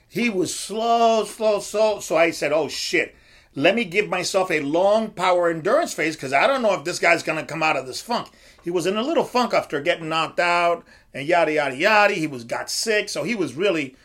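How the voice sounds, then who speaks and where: A man's voice: high voice, fairly bright tone. A middle-aged man hosting a podcast, talking like a coach who swears freely and asks and answers his own questions. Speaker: podcast host and strength coach. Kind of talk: casual podcast talk.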